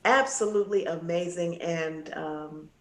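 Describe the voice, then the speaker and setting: Animated woman telling a story, roomy echo. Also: on the low side, unhurried. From United States, Texas and California. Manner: animated, acting out the people she quotes. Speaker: guest vocalist. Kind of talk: storytelling in casual interview. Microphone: video call.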